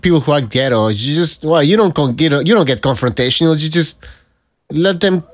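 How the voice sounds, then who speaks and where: A man's voice: a little high, expressive, fairly quick. A man hosts a boxing podcast in a laid-back voice. He trades crude jokes with his friends. His delivery stays easygoing and plain. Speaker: podcast host. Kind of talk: casual chat.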